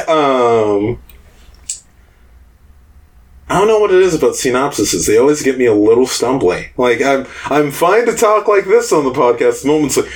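A man's voice: medium pitch, expressive, fairly quick, few pauses. A man hosting a podcast, chatting loosely and rambling about tabletop games. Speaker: podcast host.

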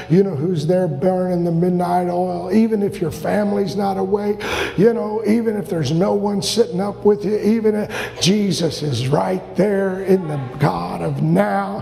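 A male preacher delivering a fervent sermon, often breaking into shouts. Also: high-pitched, fairly even intonation, measured pace, gravelly. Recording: long reverb of a large hall.

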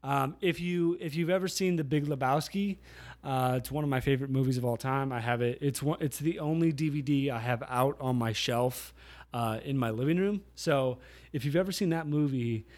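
A man's voice: mid-range voice, moderate pace, darkish tone. A man hosting his own podcast, chatting casually and rambling as he tells stories, often correcting himself as he goes. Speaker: podcast host. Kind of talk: casual solo podcast chat.

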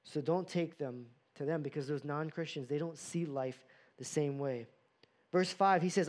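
An earnest man preaching a sermon from the pulpit. His voice sits a touch higher than most men's. He asks his listeners plenty of rhetorical questions. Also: moderate pace, a little mellow. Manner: earnest, uses rhetorical questions and acted-out quotes. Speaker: pastor.

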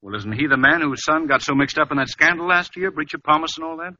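An actor playing a shrewd, suave gentleman detective in 1940s radio acting. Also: a little high, quick pace, no room sound. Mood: probing. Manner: probing, suave. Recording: dull dry old radio recording.

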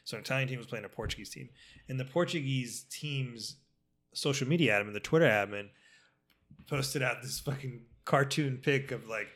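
A man's voice: mid-range voice, normal speed, fairly bright tone. A man chatting casually on a podcast, telling a rambling story full of fillers, restarts and swearing. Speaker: podcast co-host. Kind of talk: casual chat.

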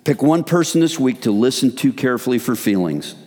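A man preaching to a men's group in an emphatic, exhorting way, at a mid pitch. His voice carries a long reverb through a large hall. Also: expressive, fairly quick, darkish tone. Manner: emphatic and exhorting, addresses listeners as guys. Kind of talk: sermon.

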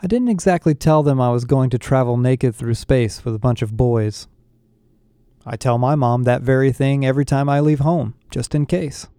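Man doing cool teen girl, soft and calm, smooth quiet voice. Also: medium pitch, moderate pace, no room sound, studio quality, close to an everyday voice.

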